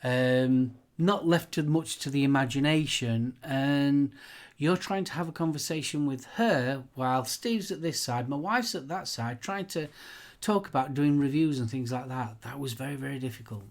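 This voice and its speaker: A man's voice: mid-range voice, normal speed. A man with a British accent co-hosting a casual live-show chat, telling stories in a hesitant, chatty way with frequent restarts. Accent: British English. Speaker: co-host.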